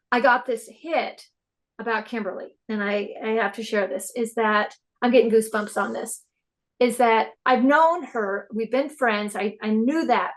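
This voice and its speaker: A woman speaks as a podcast guest in casual conversation. Her voice sits a little high, and she tells her stories with eager, animated energy. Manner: excitable, animated storyteller. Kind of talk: casual spiritual interview chat.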